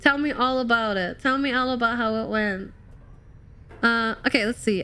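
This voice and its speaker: A woman's voice: on the high side, normal speed, clear, resonant tone. Bubbly, slightly ill woman streamer. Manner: bubbly, excitable, chatty with viewers. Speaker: game streamer. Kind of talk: casual live-stream chat while playing.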